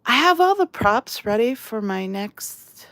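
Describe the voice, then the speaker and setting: A woman's voice: on the high side, sing-song, unhurried, fairly bright tone, no room sound. A woman hosting a casual live stream while painting, chatty and self-deprecating, reading chat aloud. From outside England. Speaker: livestream host.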